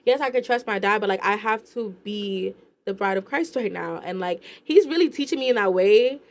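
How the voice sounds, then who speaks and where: A woman's voice: medium pitch, fairly quick. A young woman, a guest entrepreneur, talking casually about faith in a rambling way, with lots of "like.". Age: young adult. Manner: rambling, heavy use of "like".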